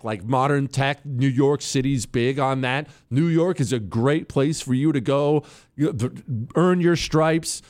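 A talk show host delivers a political monologue in a lively, swinging voice that rises and drops sharply. He rambles, restarts his sentences and calls out to his crew on air. His voice sits a little above the usual for a man. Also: fairly high pitch. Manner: animated, rambling, self-interrupting.

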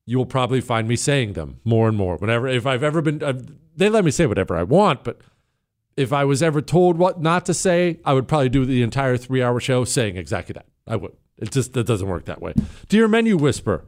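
A man's voice: mid-range voice, big pitch swings, a little fast. A man hosting a talk show, delivering an opinionated, emphatic monologue that rambles with plenty of fillers.

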